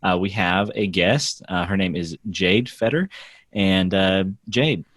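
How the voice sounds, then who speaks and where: A man's voice: low-pitched, takes it slowly, a bit bright, no room sound, studio quality. A man hosting a podcast in casual chat, joking and laughing easily. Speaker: podcast host.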